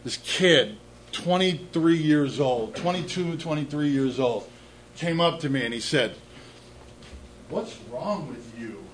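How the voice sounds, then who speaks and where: A man's voice: fairly high pitch, unhurried, slight background noise, rough recording. A middle-aged man telling his own recovery story to an audience, candid and self-deprecating, often repeating words as he starts a thought. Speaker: speaker sharing a recovery story. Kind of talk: personal testimony talk to an audience.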